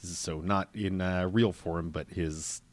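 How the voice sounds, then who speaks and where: A man co-hosting a podcast, giving dry, deadpan asides in casual chat. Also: low voice, slow pace, no room sound. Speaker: podcast co-host.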